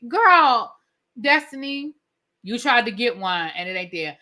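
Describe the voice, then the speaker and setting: Woman, livestream reviewer host; blunt, animated, forceful bright tone, slightly high. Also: takes it slowly. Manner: blunt and opinionated, reads out viewer comments; animated, swears casually. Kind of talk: casual livestream commentary.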